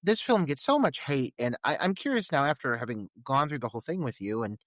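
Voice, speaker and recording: A man talks through a film on his podcast in a loose, candid way, with crude jokes and plenty of hesitant pauses while he searches for words. The sound is dry and close, with no room around it. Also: mid-range voice, expressive, fairly bright tone, no room sound. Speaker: podcast co-host. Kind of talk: casual film commentary chat.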